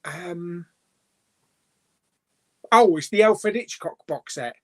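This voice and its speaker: A man's voice: high-pitched, takes it slowly. A man hosting a casual live-stream chat, rambling along with lots of fillers and restarts. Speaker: host.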